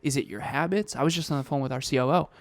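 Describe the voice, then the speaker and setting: A man's voice: medium pitch, racing, dry recording. A man co-hosting a podcast in casual motivational chat, emphatic and fond of repeating key phrases. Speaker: podcast co-host.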